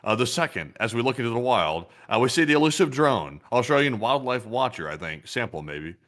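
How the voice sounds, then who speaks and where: A man co-hosting a casual live stream, relaxed and rambling as he reads supporter messages and tells stories. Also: mid-range voice, brisk. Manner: relaxed and rambling, heavy on fillers like "like". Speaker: co-host.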